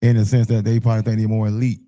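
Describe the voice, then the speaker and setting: A man from Alabama with a Southern accent, chatting in a measured, conversational way on a talk show. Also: lowish voice, completely flat delivery, mellow, no room sound, studio quality. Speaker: radio show co-host. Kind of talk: casual chat.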